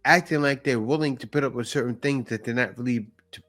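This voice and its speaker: A man's voice: medium pitch, fast, fairly bright tone. A man hosting a reaction channel, commenting casually and speaking directly to his viewers.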